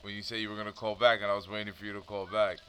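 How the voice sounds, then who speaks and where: A man's voice: lowish voice, flat delivery, very fast, bright, forceful tone, smooth. A man hosting a casual chat, laid-back and slangy, laughing often. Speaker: podcast host.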